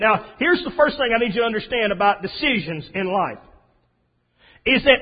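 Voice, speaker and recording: A man preaching a sermon in a folksy, storytelling way, swinging from soft asides to loud emphasis. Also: high voice, very animated, normal speed. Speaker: pastor. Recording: dull lo-fi sound.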